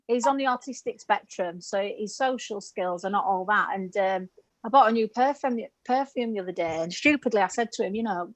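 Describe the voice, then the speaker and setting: A woman's voice: medium pitch, expressive, measured pace, fairly bright tone, poor audio. A woman in her forties from the UK doing a stand-up set over a video call, chatty and self-mocking, laughing at her own jokes. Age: 40s. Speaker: stand-up comedian.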